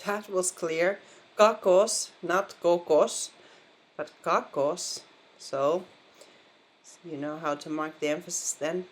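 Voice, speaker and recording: A woman's voice: low voice, a little slow. A woman with a Finnish accent, patiently explaining pronunciation in a language lesson and repeating words to model them. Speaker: language teacher.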